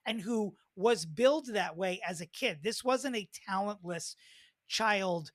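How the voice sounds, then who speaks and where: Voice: mid-range voice, lively intonation, unhurried, no room sound. Podcast co-host, emphatic ranting delivery, dry close sound. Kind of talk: casual chat.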